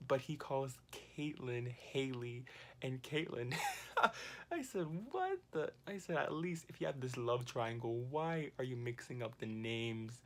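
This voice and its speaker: Animated man recapping reality TV. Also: medium pitch. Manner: animated, exclaiming, laughing at the drama. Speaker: TV recap vlogger. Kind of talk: casual commentary.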